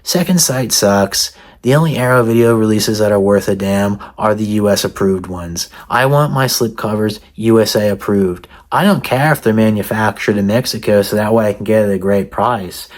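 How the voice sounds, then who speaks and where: Sarcastic low-voiced man ranting. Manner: mock-serious, sarcastic ranting. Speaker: satirical vlogger. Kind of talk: comedic rant to camera.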